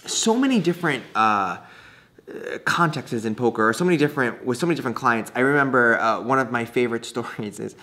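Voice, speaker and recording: A poker coach delivers a casual talking-head monologue in a mid-range voice that's animated, pushed and bright, moving at a brisk pace. He's chatty and laughs often, with many restarts and fillers.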